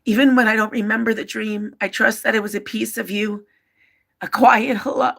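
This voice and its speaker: Woman with a gravelly, fry-laced voice. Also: on the high side, fairly even intonation, moderate pace. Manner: softly reads out viewer comments and her own writings, emotional and open. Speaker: livestream host. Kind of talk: casual livestream chat and reading personal letters aloud.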